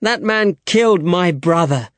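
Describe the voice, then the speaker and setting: A man voicing a reckless, hot-headed young swordsman in an audiobook, eager and quick to raise his voice. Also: sits high, expressive, fairly bright tone, no echo, voice pushed up. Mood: brash. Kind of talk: audiobook character reading.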